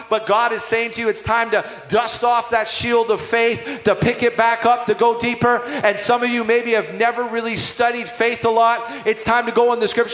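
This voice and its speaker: A man's voice: very high-pitched, fairly bright tone. A man preaching a sermon as pastor, emphatic and calling out to his congregation. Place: church hall. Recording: echoey hall with music behind.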